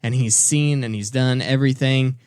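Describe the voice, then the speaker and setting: A man's voice: mid-range voice, steady tone, normal speed, a little mellow, clear, resonant tone, no echo, studio quality. A young man co-hosting a podcast, telling stories in a rambling, casual way with lots of restarts. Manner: rambling storyteller, many restarts and fillers. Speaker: podcast co-host. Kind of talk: casual chat.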